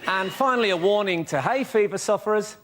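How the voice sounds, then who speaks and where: A man on a comedy panel show delivering deadpan setups and punchlines. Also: sits high, brisk, a loud crowd. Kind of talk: quick-fire stand-up gags. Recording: loud studio audience and noise.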